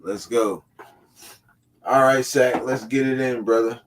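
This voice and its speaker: A man's voice: medium pitch, fairly even intonation, takes it slowly, a little hiss or hum. A man co-hosting a casual livestream, reacting with slangy, profane, laid-back remarks. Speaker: livestream co-host. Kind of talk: casual chat.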